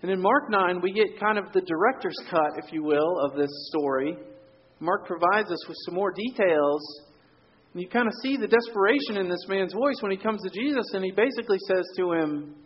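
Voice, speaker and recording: Male pastor, relaxed storytelling sermon, fairly high voice, muted lo-fi sound. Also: fairly quick, husky. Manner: conversational storytelling, drops to quiet for emphasis.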